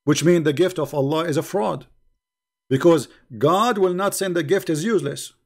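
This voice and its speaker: Hosting a livestream debate, a middle-aged man talks at a moderate pace in a somewhat high, creaky voice. His polemical commentary is mocking and combative, with points repeated to drive them home.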